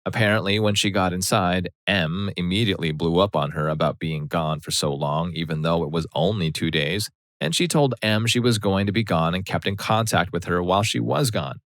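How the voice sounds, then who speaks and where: A man narrating a personal story aloud in a steady, matter-of-fact way. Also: deep voice, moderate pace, dry recording, studio quality.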